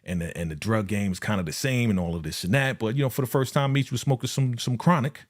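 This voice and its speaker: Quick and mid-range, a man's voice carries a live TV episode review in loose, slang-heavy chat. He laughs frequently, acts out quotes and speaks straight to the people watching.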